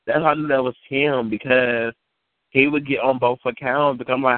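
A man's voice: medium pitch, steady tone, fairly quick, no echo. Rambling, cursing man on a tinny line. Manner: rambling, profane, repeats himself. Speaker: caller on a community call. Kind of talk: casual storytelling chat. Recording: tinny phone-like line, dry.

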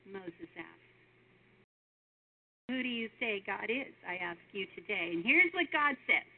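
A woman's voice: medium pitch, lively intonation, a little slow. Earnest woman preaching over a tinny line. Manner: earnest, emphatic, addresses listener directly with questions. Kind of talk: devotional sermon. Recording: tinny phone-like sound.

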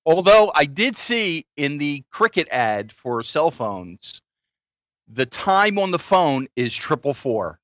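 A man's voice: on the high side, very animated, takes it slowly, fairly bright tone, dry recording. A man, a guest on a casual podcast, laid-back and dropping dry wisecracks. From Philadelphia.

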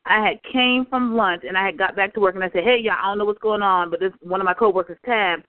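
A woman's voice: medium pitch, fast, no room sound. Woman telling stories over a tinny phone line. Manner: animated storyteller, acts out quotes. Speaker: podcast co-host. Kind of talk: casual chat.

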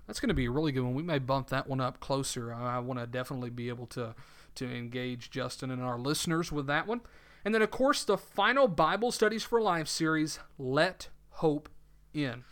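A radio host with a Southern US accent runs a faith talk show, speaking casually with lots of hesitations and restarts. His mid-range voice is fairly quick and fairly bright, and the sound is clean.

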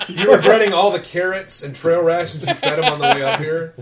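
A man narrating as game master around a gaming table, his pitch rising and falling a lot as he paints each scene. He swears freely and breaks into laughter easily. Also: expressive, fairly quick, a loud crowd.

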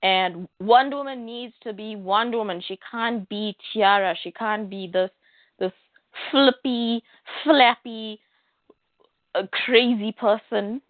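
A woman's voice: fairly high pitch, takes it slowly, no room sound. A woman co-hosting a casual chat about comics, rambling and frank with many fillers. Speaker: podcast co-host. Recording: dry, tinny phone-like line.

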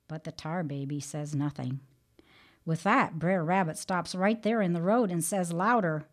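A woman with a lowish voice hosts a Christian teaching program, reading an earnest devotional talk and telling a story at a measured pace.

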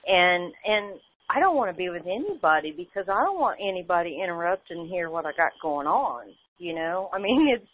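A woman's voice: lowish voice, sing-song, fairly quick, hardly any pauses. Woman sharing her story over a phone line. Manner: emotional, repeats phrases, acts out quoted dialogue. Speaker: community call participant. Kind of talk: personal sharing on a group call. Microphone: phone call.

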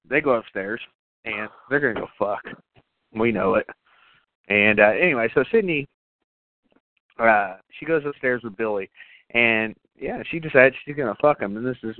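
A man rambles through a movie recap in loose, profane chat, tripping over fillers and cracking himself up. His voice is mid-pitched and comes through a thin, phone-like line. The sound is close and dry, with no room around it. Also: expressive, moderate pace, no echo. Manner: profane, rambling, laughs often. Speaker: podcast co-host.

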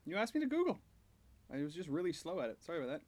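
A sweary man chatting over beers as a podcast co-host. He jokes constantly and laughs often, with a lively voice that swings widely in pitch. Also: rapid-fire. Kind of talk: casual chat over beers.

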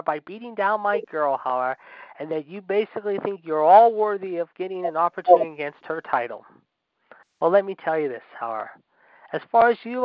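Brash, high-voiced man ranting sarcastically. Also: dry recording. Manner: brash, sarcastic, swings between loud jabs and low asides. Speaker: wrestling podcast co-host. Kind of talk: opinionated wrestling rant. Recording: dry, slightly dull podcast audio.

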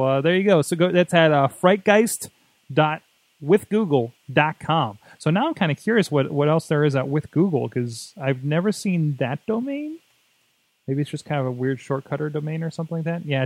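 A man's voice: fairly high pitch, lively intonation, brisk, darkish tone, dry recording. A man co-hosting a tech podcast, chatting casually and rambling with lots of fillers and jokes. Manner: rambling, jokey, many fillers. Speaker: podcast co-host.

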